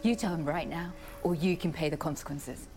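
A woman's voice: deep voice, fairly quick. An actress playing a firm, commanding young woman caught up in a heist in a live-action game. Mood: demanding.

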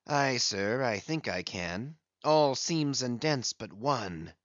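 A weary, scarred old blacksmith, voiced by a man reading an audiobook, answers in a quiet, subdued, resigned tone. He speaks slowly, in a low voice, and the dry recording sounds somewhat dull. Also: lively intonation, no echo.

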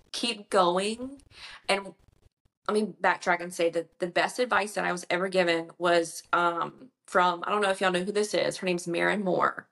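A young woman, chatting in an interview as a debut novelist and retelling conversations in a lively, rambling way. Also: on the low side, vocal fry. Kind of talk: casual interview chat.

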